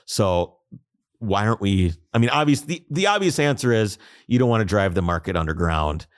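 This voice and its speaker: On the low side and at normal speed, this man's voice carries an emphatic, animated rant as he co-hosts a podcast full of casual opinions. Studio-quality recording, no room sound.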